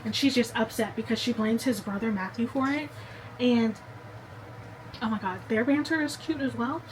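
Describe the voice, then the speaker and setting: A woman's voice: a little high, normal speed, low-quality recording. Chatty young woman gushing about books. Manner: chatty and gushing, talks straight to the viewer. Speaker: book vlogger. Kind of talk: casual chat to camera.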